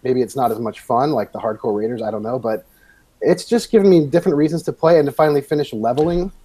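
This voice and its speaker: A man co-hosting a gaming podcast, rambling along in a loose, casual chat. His voice sits at an ordinary middle pitch. It is recorded close and dry, with no room sound. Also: quick pace, dark tone, breathy edge, no room sound, rough recording. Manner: rambling, meandering. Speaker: podcast co-host.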